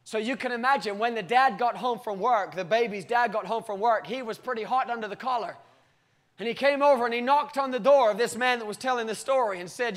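Preaching to his congregation, this man shares a story and reads from scripture, rising into long, loud cries before sinking back to a low, hushed tone.

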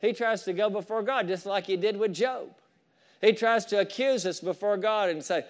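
A man preaching a fervent sermon, with asides to the congregation and rising shouts of praise. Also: high voice, moderate pace. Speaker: pastor.

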